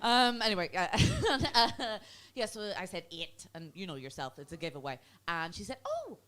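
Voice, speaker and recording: A woman's voice: animated, moderate pace, fairly bright tone, clear, resonant tone. A young woman with a Belfast accent performing a stand-up comedy set in a club, chatty and self-mocking. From Northern Ireland. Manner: chatty, teasing, self-mocking, bursts of high put-on voices.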